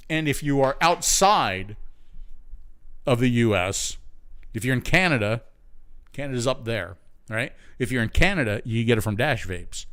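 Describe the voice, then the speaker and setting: A man's voice: medium pitch, smooth. A man from the United States hosting a live stream in casual, rambling chat, full of fillers and restarts and prone to ranting. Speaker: show host.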